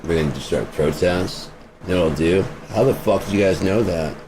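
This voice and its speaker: Over steady road noise from a vehicle, a man with a low-pitched voice vlogs an off-the-cuff rant of his opinions at normal speed. He's blunt and profane, firing off one rhetorical question after another.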